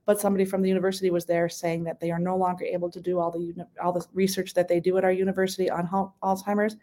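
A woman's voice: fairly low pitch, level tone, racing, warm tone. A middle-aged woman, a state senator, talking in an earnest, plainspoken way as a guest on a radio talk show, with some restarts. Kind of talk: casual radio interview.

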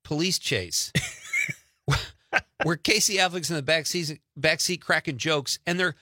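A middle-aged man hosting a talk radio show, chatting in an animated, opinionated way and laughing often. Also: fairly high pitch, unhurried, no room sound, clean studio sound. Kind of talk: casual talk radio banter. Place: radio studio.

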